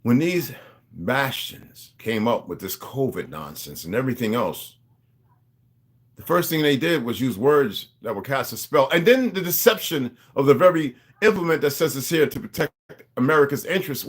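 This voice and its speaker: A man's voice: medium pitch, sing-song, moderate pace, a bit bright, husky. A man talking to his viewers in a rambling, casual monologue, drifting between asides and restarting his sentences. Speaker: vlogger.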